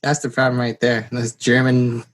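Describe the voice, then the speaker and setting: A man with a mid-range voice hosts a podcast, speaking at normal speed. He tells a story in casual chat, animatedly acting out the quotes.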